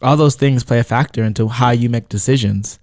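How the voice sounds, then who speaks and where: Man podcast co-host, medium voice, dry mic, relaxed and agreeable. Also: mid-range voice, fairly quick, dry recording. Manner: relaxed, agreeable, many short backchannels. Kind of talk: casual podcast chat.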